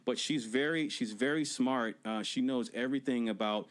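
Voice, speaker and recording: A man's voice: mid-range voice, moderate pace. A man on a podcast casually recapping a film scene, acting out the characters' lines, laughing and swearing as he goes. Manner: animated storytelling, acts out quotes, laughs and swears. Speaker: podcast co-host reviewing movies. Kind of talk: casual movie review chat.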